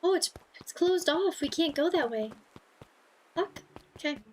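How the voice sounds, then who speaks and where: A woman streaming a story game in casual chat, reacting loudly and swearing freely, her voice a little tired and strained. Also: extremely high pitch, lively intonation, unhurried, slight background noise. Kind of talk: casual gaming livestream chat.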